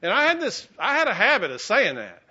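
A man preaching a sermon as pastor in a conversational, halting way, with many restarts and fillers. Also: sits high, huge pitch swings, sharp tone, breathy edge, highs cut off.

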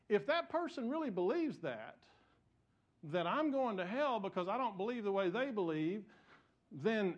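A pastor preaching a sermon, telling stories with self-mocking humor and frequent restarts. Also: male voice, sits high, dull audio.

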